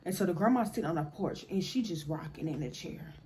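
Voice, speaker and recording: A young woman telling a casual storytime, animated, blunt and profane, talking straight to her viewers. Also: on the low side, quick pace, a little hiss or hum. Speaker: storyteller vlogger.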